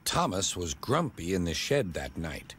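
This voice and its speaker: Expressive male storybook narrator. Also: sits low, a little slow, slight background noise. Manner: expressive, playful. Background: music.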